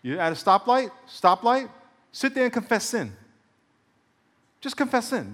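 A man preaching a sermon as pastor, teaching a way to pray and then softly guiding the listeners through it. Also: extremely high pitch, big pitch swings, unhurried, long pauses, in a large hall.

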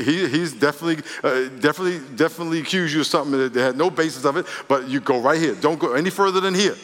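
A man, a pastor, preaching a sermon in an animated way, acting out quotes and laughing between points. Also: a little high, long reverb tail. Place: church sanctuary.

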